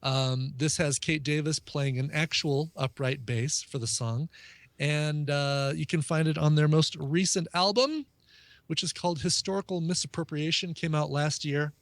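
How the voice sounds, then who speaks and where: A man's voice: fairly high pitch, steady tone, moderate pace, no room sound. A man co-hosting a podcast, chatting in an easygoing way with lots of hesitations. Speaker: podcast co-host. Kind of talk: casual chat.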